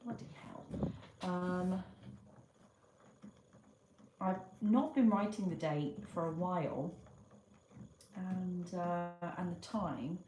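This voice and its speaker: A woman's voice: on the low side, slow pace, long pauses. Chatty woman drawing on stream. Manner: chatty, mutters to herself, greets viewers brightly. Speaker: live-stream artist. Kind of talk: casual live-stream chat while drawing. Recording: echoey room with clear background noise.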